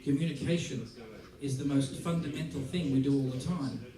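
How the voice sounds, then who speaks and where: A man teaches a music masterclass, playful and lively, acting out small scenes to make his point. His voice is picked up from a distance in a large, echoey theater hall. The audience is heard around him. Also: medium pitch, fairly quick, crowd noise. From Australia. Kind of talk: masterclass talk. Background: audience laughter.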